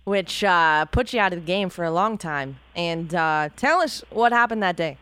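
A woman's voice: on the low side, animated, normal speed, bright, forceful tone, clear, resonant tone, dry recording. A woman hosting an interview, enthusiastic and laughing often as she asks questions. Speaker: host.

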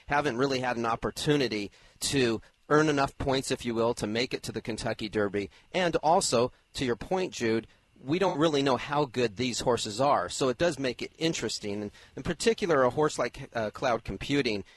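A man working as a racing analyst on radio, explaining the contenders in a fluent, energetic way. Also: mid-range voice, moderate pace. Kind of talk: horse racing radio talk.

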